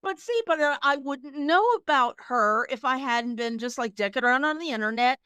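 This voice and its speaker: Her voice sits high, bright and forceful yet smooth, at normal speed. As a podcast co-host in casual chat, she tells stories chattily, laughing often and filling her speech with restarts and fillers. The studio-quality recording has no echo.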